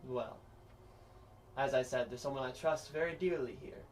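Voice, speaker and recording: A man's voice: medium pitch, normal speed, lightly acted. A man voicing Sir Pudgemore, a pompous portly nobleman, in a stiff formal manner. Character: pompous portly male noble, flustered suitor. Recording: distant mic, faint noise.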